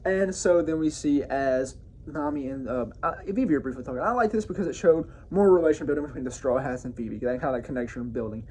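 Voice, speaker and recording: A man's voice: medium pitch, fast, darkish tone, slight background noise. A man hosting his own review show, giving a loose, casual recap of an episode with frequent self-corrections and enthusiastic asides.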